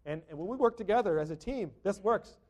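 A middle-aged man delivers a sermon from the pulpit in a notably high voice. He preaches conversationally as a pastor and keeps checking in with his listeners through rhetorical tag questions. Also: expressive, quick pace, darkish tone.

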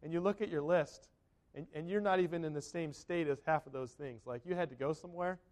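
A man's voice: on the high side, fairly quick, darkish tone. A man preaching a sermon to a congregation, conversational, often asking the listeners questions. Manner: conversational, asks the congregation questions, acts out quotes. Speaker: pastor.

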